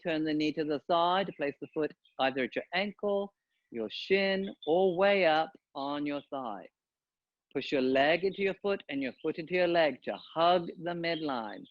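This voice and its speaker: A man guiding a yoga class, giving calm, unhurried cues with pauses between them. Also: on the high side, dry recording. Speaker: yoga teacher. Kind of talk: guided yoga instruction. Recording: dull, dry lo-fi sound.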